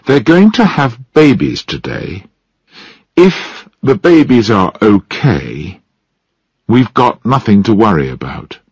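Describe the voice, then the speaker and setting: A man reading a storybook, voicing a calm, driven male scientist in a measured, reassuring way. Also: on the low side, husky, dry recording, heavily acted. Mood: explaining.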